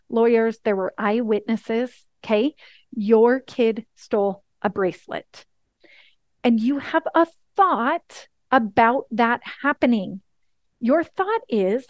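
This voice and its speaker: Woman, life coach, higher voice, unhurried teaching, keeps asking "okay?". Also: no room sound. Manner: talks directly to listeners, repeating "okay?" and "right?". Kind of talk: coaching lesson.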